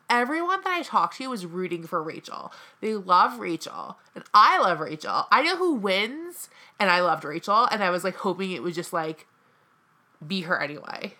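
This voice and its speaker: A woman chatting casually on a podcast, with a bright, forceful voice. She talks in a dramatic, gushing way and fills her sentences with "like." She swings easily from excitement to complaint. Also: mid-range voice. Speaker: co-host.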